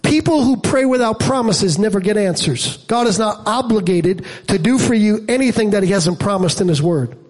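A man preaching a sermon as pastor, emphatic, swinging from low storytelling asides to loud peaks, with humor and rhetorical questions to the congregation. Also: animated, moderate pace, few pauses.

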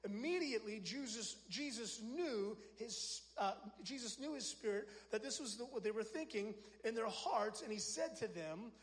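A man preaching a sermon as pastor, energetic, swinging between loud shouted lines and soft drops. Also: high-pitched, moderate pace, hardly any pauses, long reverb tail. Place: church sanctuary.

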